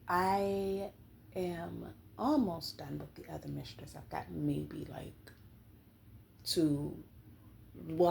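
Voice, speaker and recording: A woman's voice: fairly low pitch, vocal fry, a little mellow, slight background noise, low-quality recording. A woman book vlogger in casual, chatty talk with sassy asides, at home. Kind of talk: casual chat.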